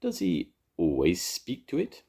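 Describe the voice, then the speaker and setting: An older man as a hushed village policeman. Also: deep voice, wildly swooping pitch, unhurried, gravelly, husky, voice pushed up, full character voice. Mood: confiding. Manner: hushed, confiding.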